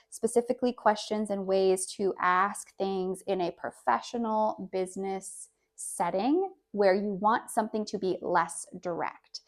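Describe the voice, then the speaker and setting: English teacher, woman, patient and careful, repeats example phrases at an even middle pitch. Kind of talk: online English lesson.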